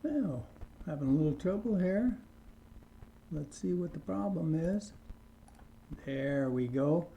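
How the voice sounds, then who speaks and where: A man teaching an online English lesson, speaking slowly and deliberately and repeating words for learners to copy. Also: on the high side, expressive, gravelly, dark tone, a little hiss or hum, rough recording.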